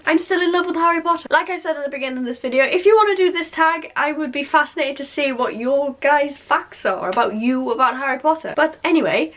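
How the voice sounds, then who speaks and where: Chatty young woman, bright voice. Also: high voice, quick pace, few pauses. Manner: chatty and animated, with frequent fillers and repeated emphasis. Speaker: YouTuber. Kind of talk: casual vlog chat.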